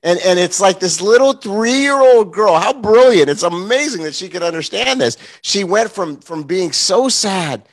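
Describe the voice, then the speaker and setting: Preacher guy telling a story, earnest and emotional, lots of "you know"s, kinda higher voice. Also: expressive, moderate pace, few pauses. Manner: earnest, emotional storytelling with many fillers and restarts. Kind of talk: morning sermon to a congregation.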